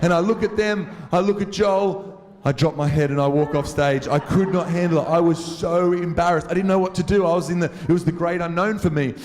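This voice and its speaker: A man with a somewhat high voice tells a comic, self-mocking story to a live crowd. His chatty delivery carries a long reverb from a large hall, picked up on a stage microphone. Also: fairly even intonation, fairly quick, darkish tone. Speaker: worship leader. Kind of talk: humorous storytelling talk to a live audience. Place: large venue with an audience.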